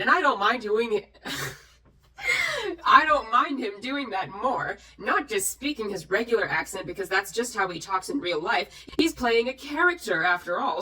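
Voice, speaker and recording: Tipsy female vlogger, sarcastic and animated, reads comments aloud, a little off-mic. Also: medium pitch, far from the mic. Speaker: YouTuber reacting to comments. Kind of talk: casual vlog commentary.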